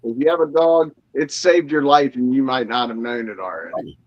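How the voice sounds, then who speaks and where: A man's voice: medium pitch, moderate pace, dull audio. A man co-hosting a casual chat in easygoing, self-deprecating banter.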